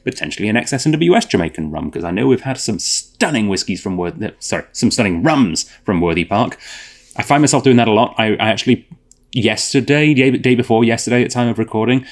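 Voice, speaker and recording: A man's voice: on the low side, expressive, fast. A man hosting a whisky tasting video, chatting casually and thinking aloud with fillers and self-corrections. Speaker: host.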